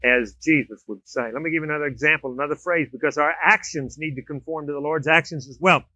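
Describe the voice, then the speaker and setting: A male preacher with a bright, forceful, somewhat high voice delivers a sermon full of storytelling. He swings his pitch and volume up and down as he acts out everyday scenes. The recording is dry and a little dull. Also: fast talker, dry recording. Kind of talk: sermon with humorous illustrations.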